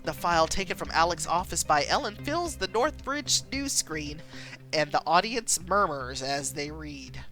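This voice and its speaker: Woman streamer, animated game narration, bright tone. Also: deep voice, measured pace, faint music behind. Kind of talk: reading a story game aloud.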